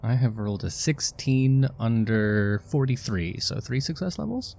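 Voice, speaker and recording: A man's voice: mid-range voice, lively intonation, a little slow, creaky, a little mellow. A man playing a tabletop roleplaying game, talking through his moves in a matter-of-fact way. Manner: matter-of-fact, thinking aloud. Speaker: player.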